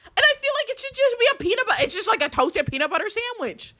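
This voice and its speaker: A woman's voice: very high-pitched, sing-song, fast talker, few pauses, pushed and bright. A woman streamer, chatting to her audience and ranting with outrage and laughter. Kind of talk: casual live-stream chat.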